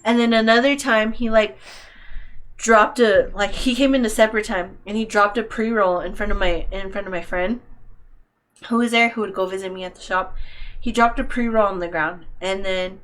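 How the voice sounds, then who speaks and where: A young woman podcast co-host, medium-pitched and speaking at a normal pace, tells a story in casual conversation. She's animated, swears freely, and acts out what people said.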